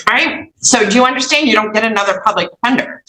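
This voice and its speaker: Female judge on the bench, firm and stern, bright tone, echoey courtroom audio with faint noise. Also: on the high side, fast. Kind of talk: courtroom proceedings.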